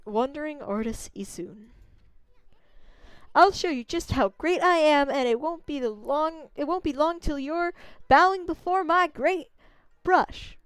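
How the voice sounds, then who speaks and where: Cocky tiny male sprite voiced by a woman, high and brash, bragging and excitable, dry close recording. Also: unhurried, no room sound. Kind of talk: game dialogue read aloud.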